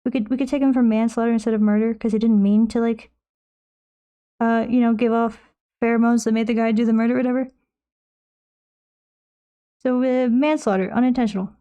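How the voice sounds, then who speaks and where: A woman streamer chats while she paints, rambling and joking and now and then slipping into silly put-on voices. Her voice sits a little high, with a mellow, soft tone. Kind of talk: casual chat while painting.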